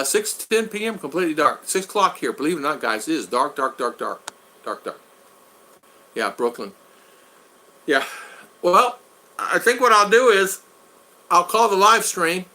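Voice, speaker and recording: A man hosting a casual live stream, rambling and thanking his viewers one by one, his voice going hoarse after hours of talking. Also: on the high side, sharp tone.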